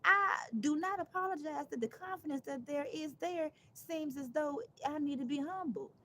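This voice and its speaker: A woman talking on a casual live stream, emphatic and sarcastic, rambling and restarting her phrases, with loud outbursts and quiet asides. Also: high voice, normal speed, a little hiss or hum, low-quality recording. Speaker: livestreamer.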